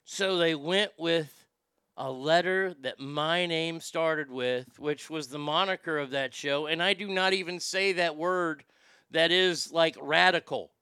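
A man's voice: on the high side, a little slow, sharp tone, smooth, dry recording, clean studio sound. A man with a Southern accent hosting a casual talk show, rambling, joking and swearing. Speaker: radio show host.

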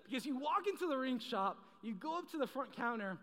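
In a large hall where his voice echoes with a long reverb, a young, high-voiced man delivers a sermon. Speaking a little fast, he keeps it casual and animated, joking, telling stories and calling out to the crowd.

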